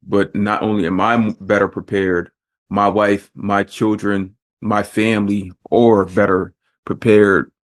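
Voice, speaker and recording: A man's voice: fairly low pitch, little pitch movement, measured pace. A man hosting a podcast who talks in a thoughtful way and often restarts his sentences. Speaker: podcast host. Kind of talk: casual conversation.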